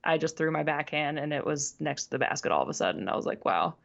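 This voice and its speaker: Chatty low-voiced woman, lo-fi sound. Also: lively intonation, quick pace, vocal fry. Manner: chatty, laughs often, stumbles over names. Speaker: podcast co-host. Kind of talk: casual sports chat.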